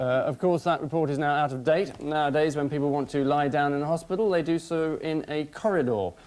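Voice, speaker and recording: A man hosting a TV panel quiz, delivering prepared jokes in a dry, deadpan way in a studio. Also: a little high. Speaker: quiz show host. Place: TV studio with live audience. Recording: broadcast TV audio.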